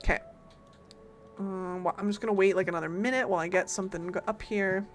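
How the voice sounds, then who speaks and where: A woman streamer giving casual, chatty gameplay commentary, reacting loudly and talking to her chat and her game's followers. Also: mid-range voice, fairly even intonation, fast talker, soft background music.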